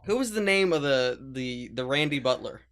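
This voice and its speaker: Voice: medium pitch, lively intonation, moderate pace, fairly bright tone, dry recording, studio quality. A podcast co-host in casual chat, wry, sarcastic and stubborn.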